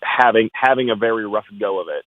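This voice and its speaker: A man's voice: lowish voice, fairly quick, no echo. A man calling in as a guest film critic, giving opinionated, wry takes in a casual chat. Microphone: phone call. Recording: tinny dry phone line.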